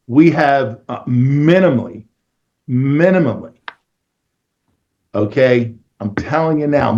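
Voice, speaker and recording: A man's voice: medium pitch, darkish tone, dull audio. A man with a Philadelphia accent, a real estate agent talking energetically and in a salesy way on a casual panel call.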